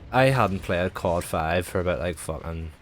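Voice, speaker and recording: A man's voice: sits low, lively intonation, moderate pace, slight background noise. A young man streaming, chatting in a loose, rambling way, swearing freely and filling every gap with "like". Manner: sweary, rambling, heavy use of filler "like". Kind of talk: casual rambling chat.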